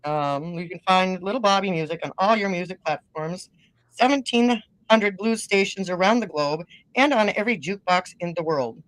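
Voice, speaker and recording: A woman's voice: fairly low pitch, normal speed, no echo. Chatty middle-aged Minnesota woman, dry. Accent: northern Minnesota. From northern Minnesota. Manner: chatty, rambling, laughs often while telling stories. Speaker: guest musician-podcaster. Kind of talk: casual interview chat.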